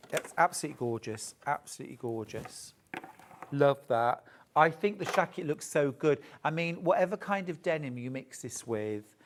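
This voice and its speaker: A man's voice: fairly high pitch, slight background noise. A man presenting a live shopping show, chatting and joking as he gushes over fabrics. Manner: chatty, gushing, jokey. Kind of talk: live sales chat.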